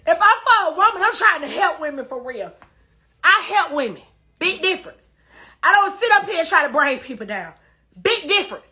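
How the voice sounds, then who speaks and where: A woman's voice: very high voice, very animated, moderate pace, pushed and bright. A woman crying while she rants defensively and profanely on a phone livestream, repeating herself. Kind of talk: emotional live-stream rant.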